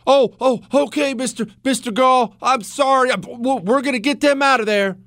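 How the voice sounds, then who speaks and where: A man's voice: on the high side, steady tone, moderate pace, clean tone, no echo, studio quality, lightly acted. A man voicing a timid, spineless official who stammers and grovels in a mocking impression. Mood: groveling.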